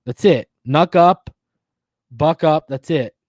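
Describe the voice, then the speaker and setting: A man in his thirties from the northern US, telling a story in casual podcast chat, animated, slangy and profane. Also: fairly high pitch, takes it slowly, no echo. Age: 30s. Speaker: podcast host.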